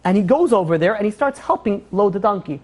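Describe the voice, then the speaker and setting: A woman's voice: mid-range voice, quick pace, husky. A woman telling a moral story in a casual way during a class, acting out the characters' lines as she goes. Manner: animated retelling, acting out quoted lines with "he's like".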